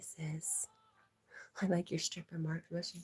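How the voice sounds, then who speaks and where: A middle-aged woman hosting a livestream from home on a laptop mic. She chats casually, reads viewer comments aloud and laughs often, clearly amused by herself. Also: deep voice, moderate pace, darkish tone, a little hiss or hum, rough recording. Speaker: livestream host.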